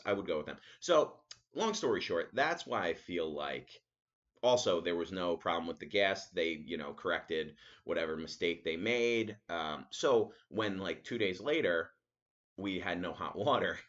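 Podcast host, male, deep voice, animated ranting storyteller, slightly dull lo-fi audio. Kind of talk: casual solo podcast monologue.

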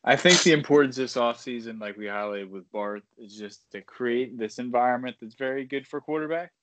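A man's voice: medium pitch, a little fast, a bit bright, rough recording. A man co-hosting a sports podcast, talking in a laid-back way with dry, teasing asides. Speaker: podcast co-host. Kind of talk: casual sports podcast chat.

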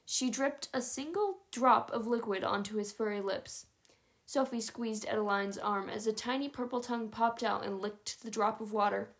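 A woman narrating a chapter book aloud in a steady, even read-aloud manner. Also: fairly high pitch, normal speed. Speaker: audiobook narrator.

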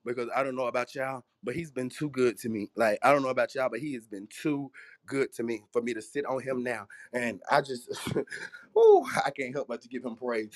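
A man, preaching fervently on his own podcast, repeating his phrases and breaking into praise. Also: medium pitch.

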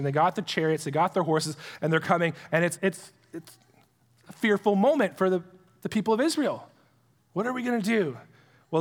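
A man with a notably high voice teaches scripture in a lively, conversational style. He keeps asking his listeners questions. His voice rings out with the long reverb of a large hall. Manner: animated, full of rhetorical questions. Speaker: Bible teacher.

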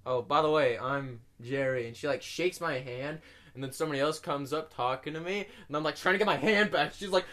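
A man's voice: fairly high pitch, fast talker, fairly bright tone. A young man on a podcast telling a rambling story, swearing constantly and laughing at himself. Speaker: podcast co-host. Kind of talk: casual storytelling.

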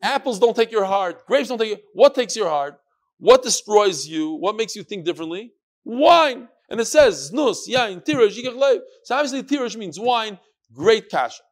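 Animated man teaching Talmud. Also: high-pitched, normal speed. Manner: lively, questioning, mixes Yiddish and Hebrew terms. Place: classroom or study hall with students.

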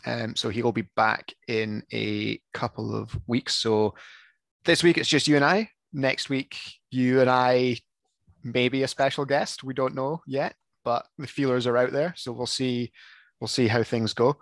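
A man chats and teases on a casual podcast, filling pauses with ums. His voice sits mid-range. The sound is dry and close. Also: medium pitch, gravelly, no room sound. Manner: relaxed, chatty, teasing, lots of ums. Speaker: podcast co-host. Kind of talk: casual chat.

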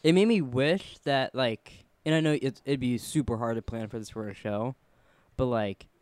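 A man's voice: medium pitch, moderate pace, darkish tone, no room sound. A man co-hosting a podcast in casual chat, rambling and laughing often at himself. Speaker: podcast co-host.

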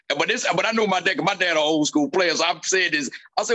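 A man's voice: a little high, fast talker, few pauses, bright, forceful tone. A man, hosting a casual chat and retelling family stories, acting out his dad's lines. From southern United States. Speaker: podcast host.

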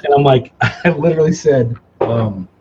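A middle-aged man chatting casually as a guest, telling animated, self-mocking stories with lots of restarts. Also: mid-range voice, moderate pace, lo-fi sound, background noise. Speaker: cigar company guest. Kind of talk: casual storytelling chat.

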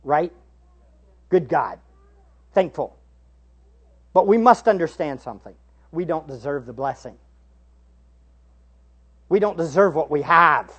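A man preaching a sermon as pastor, shifting between hushed asides and raised, emphatic questions to the congregation. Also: fairly high pitch, animated, unhurried, pauses often, slightly rough. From United States. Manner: rhetorical tag questions to the congregation.

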